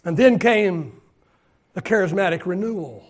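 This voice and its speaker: A middle-aged pastor preaches with a strikingly high voice for a man. He swings from loud, shouted emphasis down to soft, hushed asides. He stretches key phrases out slowly to press them home. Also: animated. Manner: drawn-out, slowed phrases for emphasis. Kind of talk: sermon.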